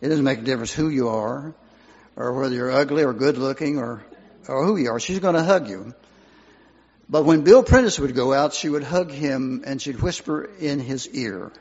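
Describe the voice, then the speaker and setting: A man's voice: mid-range voice, normal speed, darkish tone, husky. An older man, a pastor, delivering an earnest funeral sermon, his voice swelling and dropping for emphasis. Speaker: pastor giving a eulogy. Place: church sanctuary. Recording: muffled hall recording with long reverb.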